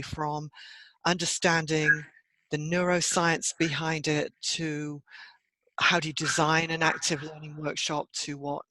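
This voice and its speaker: A middle-aged woman, a trainer and consultant, answering interview questions in an articulate, measured way and laughing easily. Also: low-pitched, fairly bright tone, dry recording, poor audio.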